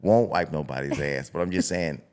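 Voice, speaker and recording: Speaking at a moderate pace in a very deep voice, a middle-aged boxing coach is blunt and animated during a casual podcast conversation. He dramatizes self-talk by acting out its voices.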